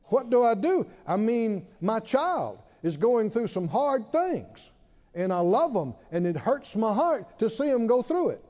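A man preaching a sermon, emphatic, asking many rhetorical questions and pausing for effect. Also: high-pitched, big pitch swings, darkish tone. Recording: dull reverberant hall sound.

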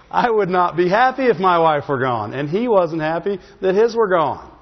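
High-voiced preacher in a reverberant church. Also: male voice. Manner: constantly asking the congregation "Amen?"; humorous, storytelling delivery. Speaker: pastor. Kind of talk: sermon. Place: church sanctuary. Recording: long hall reverb, dull sound.

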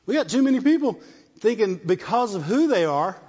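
Man, preacher, sermon, fairly high voice, long echo of a big hall, muffled sound. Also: sing-song, brisk, a little mellow, breathy edge. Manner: call-and-response asides, repeats phrases.

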